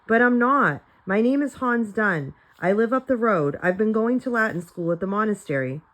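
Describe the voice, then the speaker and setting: A woman's voice: mid-range voice, lively intonation, moderate pace, voice pushed up, close to an everyday voice. A woman voicing a timid, nervous young boy who speaks hesitantly and falters.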